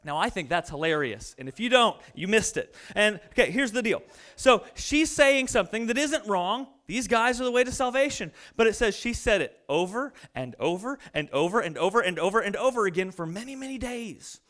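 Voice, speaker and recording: A man in his thirties preaching a sermon, reading scripture and telling funny family stories with animated delivery. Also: high-pitched, brisk. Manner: storytelling, humorous and animated. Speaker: pastor.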